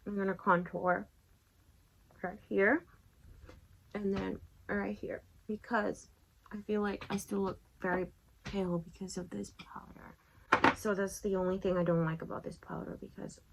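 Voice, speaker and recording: A young woman vlogger telling a lively story while doing her makeup. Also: vocal fry, slight background noise, rough recording. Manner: lively storyteller, acts out quotes in a high voice. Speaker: beauty vlogger.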